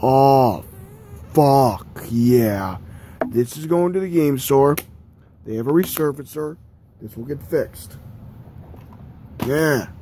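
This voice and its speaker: A young man talks through his collection in a loose vlog, cursing freely and insulting himself in good humor. He speaks at an easy, drawn-out pace, in an ordinary mid-range voice. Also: mid-range voice, animated, mellow, slight background noise. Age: young adult. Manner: profane, rambling, self-mocking. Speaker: collector showing DVDs. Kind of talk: casual vlog rant.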